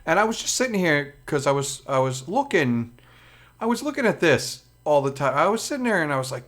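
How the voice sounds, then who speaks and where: A man's voice: on the high side, sing-song, fairly quick, a bit bright. A man with a Brooklyn accent, talking casually as a channel host, rambling with lots of fillers and crude swearing. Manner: crude, profane, chatty with many fillers.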